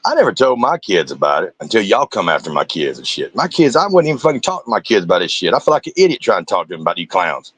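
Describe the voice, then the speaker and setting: A man's voice: lowish voice, very animated, fast talker, few pauses, a bit bright, slightly rough. A man, a streamer giving angry, profane reaction commentary and confronting the people in the clips.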